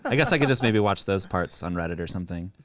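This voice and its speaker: A man's voice: deep voice, animated, fast, a bit bright, no echo. A man in casual podcast chat in a studio, talking loosely and rambling with frequent laughs. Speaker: podcast participant. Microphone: studio microphone and headphones.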